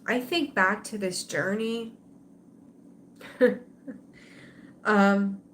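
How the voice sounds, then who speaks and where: A woman's voice: mid-range voice, very slow, a bit bright, slight background noise. A middle-aged woman hosting a tarot livestream, chatting with viewers in an emotional, rambling way full of fillers and restarts. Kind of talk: casual livestream chat with viewers.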